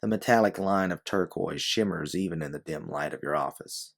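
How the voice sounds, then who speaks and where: Male audiobook narrator, very deep, gravelly, animated delivery. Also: normal speed. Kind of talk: scripted second-person narration.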